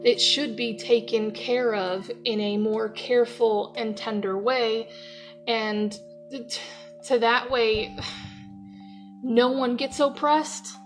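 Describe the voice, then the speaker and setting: A woman hosting an opinionated podcast rant from her workplace, heated and profane, swinging between yelling and laughing. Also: a little high, steady tone, slow, faint music behind. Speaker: podcast host.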